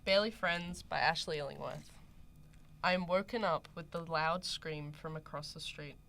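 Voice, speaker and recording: A woman's voice: low voice, moderate pace, creaky, fairly bright tone. A young Australian woman hosting student radio, chatting casually and reading a story aloud. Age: young adult. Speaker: radio host.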